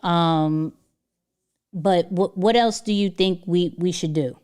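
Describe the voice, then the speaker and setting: Woman, livestream host, casual slang, smooth clear voice. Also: fairly low pitch, takes it slowly, darkish tone. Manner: slangy, chatty, with fillers and restarts.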